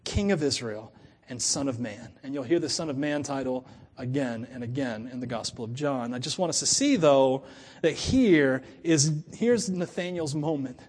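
A middle-aged man preaching a sermon to his church in a chatty, animated way, laughing often and acting out quoted voices. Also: mid-range voice, moderate pace, breathy edge. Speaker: pastor.

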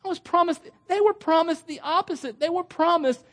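Middle-aged male preacher, higher register, animated conversational sermon delivery. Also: fairly quick, hardly any pauses.

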